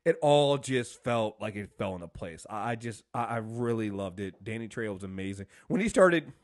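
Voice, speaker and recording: A man co-hosting a casual TV review podcast, animated, acting out scenes and laughing often. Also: lowish voice, normal speed. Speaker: podcast co-host.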